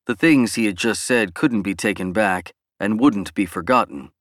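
A man narrating a novel as an audiobook in an even, measured reading. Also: fairly low pitch, no room sound, studio quality.

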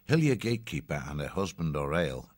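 Audiobook narrator: man with a very low voice, dry close recording, measured delivery. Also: sing-song, dry recording. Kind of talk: scripted storybook narration.

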